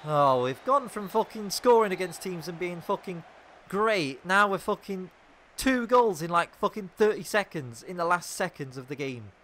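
A young man commentating on his own football video game, swearing and swinging from low muttering to loud outbursts. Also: expressive, normal speed, slight background noise. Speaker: gaming YouTuber. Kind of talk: live gameplay commentary.

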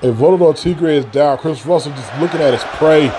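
A man giving excitable play-by-play commentary on a wrestling video game, repeating phrases and breaking into shouts at big moves. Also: fairly high pitch, fairly quick. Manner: repeats phrases and restarts mid-call. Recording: loud game crowd and noise behind. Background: video game arena crowd noise.

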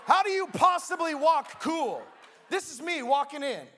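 A young male pastor preaching with an unusually high voice. He is playful and animated, and he acts out a comic story from his own life with plenty of energy. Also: normal speed, a little hiss or hum. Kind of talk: sermon with humorous storytelling.

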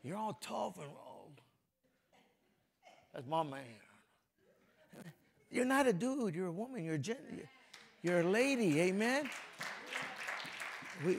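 Gravelly-voiced pastor preaching a lively sermon. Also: male voice, high voice, background noise. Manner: folksy, jokes with the congregation, swings between soft and loud. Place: church sanctuary before a congregation.

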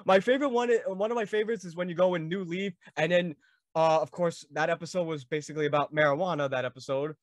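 An enthusiastic man hosts the chat, eagerly quizzing his guest like a devoted fan. His voice sits a bit high and sounds dry and close. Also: fast, no echo. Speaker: podcast host. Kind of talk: casual interview.

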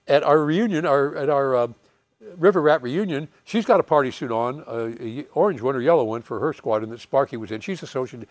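A man in his eighties, a retired fighter pilot telling lively war anecdotes, chuckling and acting out the voices of people he quotes. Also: fairly high pitch, no echo, highs cut off. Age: 80s. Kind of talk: storytelling anecdotes.

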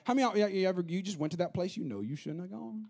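A pastor preaching a lively, humorous sermon, acting out the people he quotes. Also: high voice, rapid-fire, vocal fry. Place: church auditorium.

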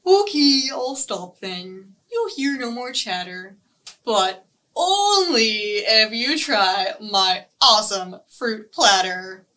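Woman doing a gentle little storybook piranha, coaxing, slow, bright voice. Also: a little high, big pitch swings, recorded from a distance, heavily acted. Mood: sulky. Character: mild, pleading little piranha who loves fruit.

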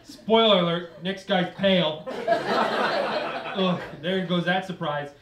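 A man's voice: high voice, takes it slowly, heavy background noise. A man emceeing a live comedy night, playfully introducing the next comic. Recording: roomy, distant mic, loud crowd.

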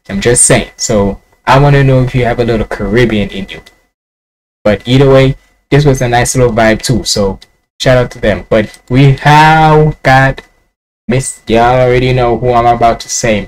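A man's voice: mid-range voice, low-quality recording. Chatty Jamaican man reacting to music. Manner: chatty, rambling, musing aloud. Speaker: reaction video host. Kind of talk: casual reaction commentary.

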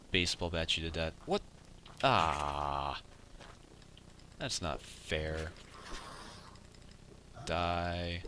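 Deep-voiced, cursing young gamer guy. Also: noisy background. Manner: frustrated, swears often, mutters at the game. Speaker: let's play gamer. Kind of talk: casual gameplay commentary.

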